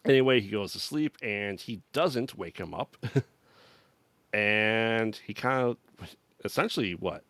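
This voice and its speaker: A man's voice: on the low side, measured pace, pauses often, a bit bright, no echo. A man co-hosting a podcast, recapping a movie in casual chat, rambling and laughing often as he paraphrases characters. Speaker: podcast co-host.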